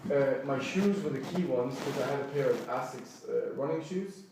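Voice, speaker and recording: A man's voice: medium pitch, moderate pace, gravelly. A man recounting an incident in agitated first-person storytelling, acting out quoted dialogue and restarting his sentences. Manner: animated, acts out quoted dialogue, restarts often. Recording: echoey room, distant mic, faint noise.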